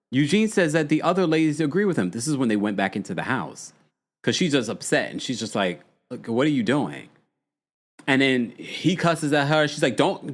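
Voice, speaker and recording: A podcast host with a voice on the high side gives a chatty, animated recap of a reality show. He laughs frequently and drops in dramatic asides.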